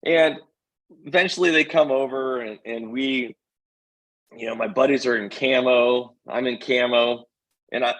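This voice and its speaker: Husky guy telling a hunting story on a podcast, gets animated, does the voices. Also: mid-range voice, a little slow, rough recording. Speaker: podcast guest.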